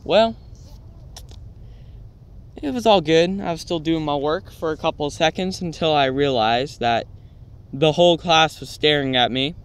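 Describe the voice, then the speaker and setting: A man telling funny childhood stories in a casual, lively way, often checking in with "right?" and "all right?". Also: on the high side, unhurried, pauses often, smooth. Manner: lively anecdotes with frequent "all right?" and "right?" tags. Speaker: storytelling channel host. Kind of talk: casual storytelling.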